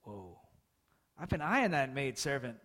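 A man's voice: very high voice, very animated, extremely slow, bright, forceful tone, heavily acted. Man playing sly eager husband, gleeful, smug. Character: eager, sly older husband pleased with himself.

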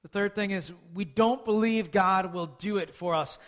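A man's voice: high-pitched, moderate pace, a bit bright. A man preaching a sermon in a conversational way, often putting questions to his listeners. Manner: conversational, asks the audience questions.

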